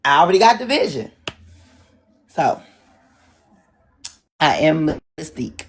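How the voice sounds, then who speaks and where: Slow, low-voiced, husky woman moderator. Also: sing-song. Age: middle-aged. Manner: chatty, joking, dramatic asides. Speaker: moderator of an online town hall. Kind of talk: casual chat to an audience.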